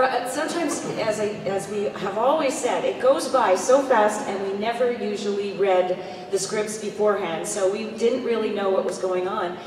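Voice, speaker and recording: Woman panelist in an echoey hall. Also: mid-range voice. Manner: animated, acts out line readings. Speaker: voice actor panelist. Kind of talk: convention panel chat. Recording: echoey convention hall, distant mic. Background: crowd.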